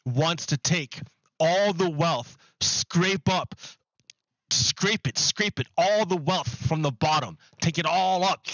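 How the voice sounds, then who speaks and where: Guy streaming a game, rambles n restarts a lot, kinda high voice, dull dry mic. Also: no room sound. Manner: rambling, animated, restarts often. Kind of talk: casual chat while gaming.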